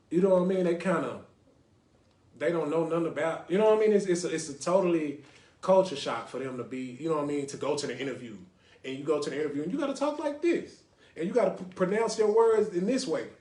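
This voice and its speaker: A man hosts a laid-back podcast, talking in loose runs that keep circling back to "you know what I mean". His voice sits a little high for a man, and it bounces around an echoey room. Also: fast talker, darkish tone. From Lake Highlands, North Dallas, Texas. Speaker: podcast host. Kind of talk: casual podcast talk with call-ins.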